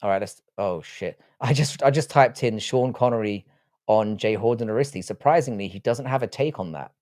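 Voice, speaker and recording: A man's voice: lowish voice, fairly quick, a little mellow. A young man hosting a casual livestream, reading the chat aloud and rambling with crude jokes. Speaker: livestream host.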